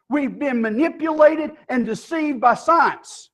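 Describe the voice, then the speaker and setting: A man's voice: sits high, animated, moderate pace. A male pastor preaching a sermon in a church, emphatic and firing rhetorical questions at his congregation.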